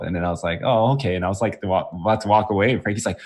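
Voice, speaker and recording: A man's voice: fairly low pitch, very fast, few pauses. A young man co-hosting a casual podcast chat, telling a story and laughing often. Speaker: podcast co-host.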